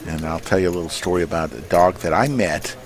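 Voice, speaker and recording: A man's voice: low-pitched, fast talker. A man doing live play-by-play poker commentary in a folksy, joking way. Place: poker club.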